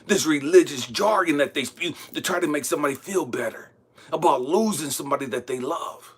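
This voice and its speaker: Middle-aged man, slightly high, husky voice; raw, profane spiritual monologue with swings from shouting to hushed. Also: fairly quick. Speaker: spiritual channel host. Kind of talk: impassioned spoken monologue.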